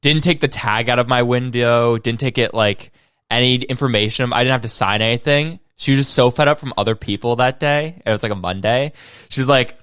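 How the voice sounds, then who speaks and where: A man's voice: medium pitch, brisk, a bit bright, smooth, no echo, clean studio sound. Swearing young man telling a rant. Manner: swears a lot, tells stories with quoted voices. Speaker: podcast co-host. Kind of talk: casual chat.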